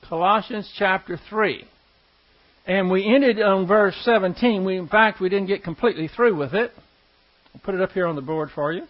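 Man, high voice, folksy Bible class teacher, muffled lo-fi recording. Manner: folksy, explanatory, asks the class questions.

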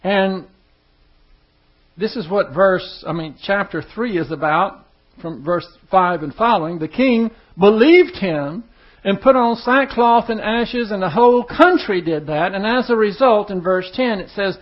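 High-voiced animated male preacher. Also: unhurried. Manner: animated, acts out scripture voices with emphasis. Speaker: pastor. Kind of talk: sermon, Bible teaching. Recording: dull lo-fi sound.

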